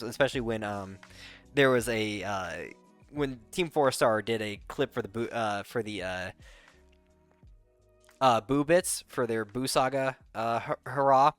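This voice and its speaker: A man's voice: mid-range voice, normal speed, a bit bright, smooth. A man telling a rambling, casual recap, full of fillers, restarts and laughter. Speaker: content creator. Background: faint background music.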